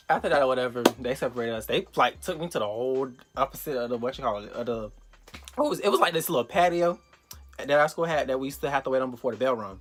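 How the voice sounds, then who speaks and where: A young man telling a storytime vlog, animated and profane, acting out the quotes loudly. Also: mid-range voice, fast talker. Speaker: vlogger.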